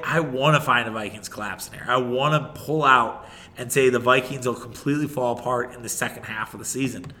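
A man's voice: mid-range voice, bright, forceful tone. A man hosting a casual solo sports podcast, rambling and opinionated, often restarting his sentences and swearing.

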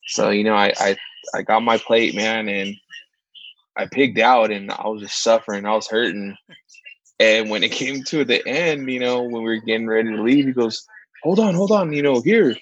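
A man co-hosting a casual chat, telling stories with lively, much higher put-on voices for the people he quotes. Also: normal speed, dry recording, highs cut off. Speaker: podcast co-host, church ministry worker.

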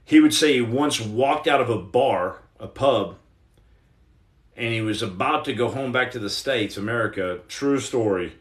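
A man's voice: mid-range voice, normal speed, roomy sound. A man from Texas hosting a podcast, chatting loosely and reading out viewer comments in a rambling, digressive way. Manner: rambling, digressive, lots of "you know what I'm saying". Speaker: podcast host. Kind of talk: casual livestream chat, reading viewer comments.

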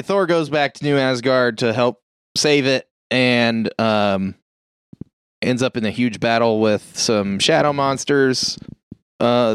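A man's voice: medium pitch, clear, resonant tone, no echo, clean studio sound. A man casually recapping a movie for friends, rambling with lots of fillers and swearing. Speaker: podcast co-host recapping a movie.

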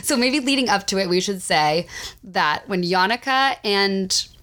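A woman chatting casually as she recaps a movie for a podcast. Her voice sits at an ordinary middle pitch, and she tells it with animated energy, often acting out lines in put-on voices. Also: measured pace, background noise. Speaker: podcast co-host.

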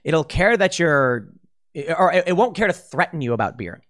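Man, political commentator, emphatic, warning tone, somewhat high pitch. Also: big pitch swings, normal speed, fairly bright tone. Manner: emphatic, warning, speculative, with restarts. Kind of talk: opinion commentary monologue.

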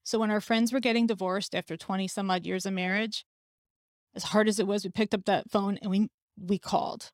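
A woman's voice: medium pitch, fairly even intonation, brisk, no echo, clean studio sound. Candid woman telling a story. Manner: candid, conversational, laughs now and then. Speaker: podcast host. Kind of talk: personal storytelling.

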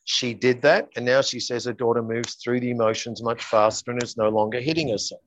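Speaking fairly quickly with fairly even intonation, this mid-range-voiced man is a coach being interviewed. He earnestly recounts stories, performing the dialogue, over a rough recording with slight background noise.

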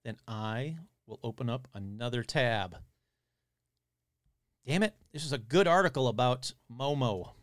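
A podcast host casually reads a newspaper article aloud, interrupting himself with wry, grumbling asides. His medium-pitched voice moves at a measured pace with frequent pauses, recorded in studio quality with no echo.

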